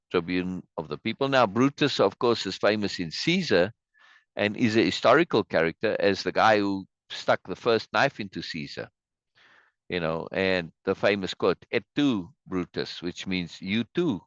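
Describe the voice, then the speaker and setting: A man's voice: fairly low pitch, a bit bright, no echo, muffled recording. A man hosting a casual play reading, chatty and musing, with frequent asides and laughs, on a video call. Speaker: host reading a play aloud.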